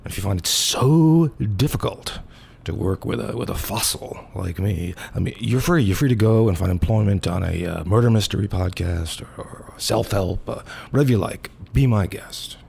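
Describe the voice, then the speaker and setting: A man's voice: lowish voice, expressive, normal speed, gravelly, few pauses, darkish tone, slightly rough. An older man hosting a comedy podcast, chatting hesitantly and with self-deprecating humor. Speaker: host. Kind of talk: casual comedy banter.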